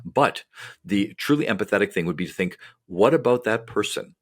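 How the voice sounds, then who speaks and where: A man's voice: on the low side, lively intonation, normal speed. A man, a psychologist co-hosting a podcast, explaining in a casual, rambling way with many fillers and tangents.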